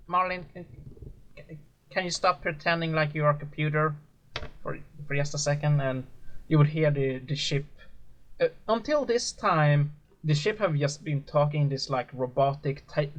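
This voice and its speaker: A man narrating as game master of a tabletop role-play, halting, with many fillers. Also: a little high.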